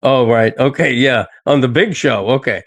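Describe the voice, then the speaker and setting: A man's voice: medium pitch, moderate pace, a bit bright, dry recording. An older man hosting a podcast in casual chat, talking in an indignant way that he soon laughs off. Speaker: podcast host.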